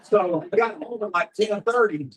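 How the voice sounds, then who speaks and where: A man from Alabama shares his personal testimony with a live crowd. His voice is on the high side for a man and sounds set back from the microphone. He talks in halting bursts, full of ums and uhs. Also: far from the mic, low-quality recording. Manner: halting, filler-heavy storytelling. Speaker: business partner sharing his story.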